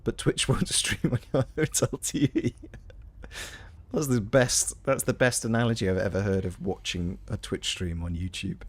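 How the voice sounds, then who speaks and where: A man's voice: fairly low pitch, fairly even intonation, moderate pace, breathy edge. A Welsh man chatting casually with his live chat while streaming a video game, rambling through playful tangents. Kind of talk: casual live gameplay commentary.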